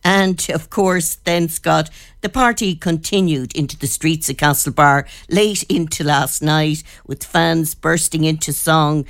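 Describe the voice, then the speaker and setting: An Irish woman, a radio news editor, reporting in a measured storytelling manner. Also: sits low, no room sound, studio quality.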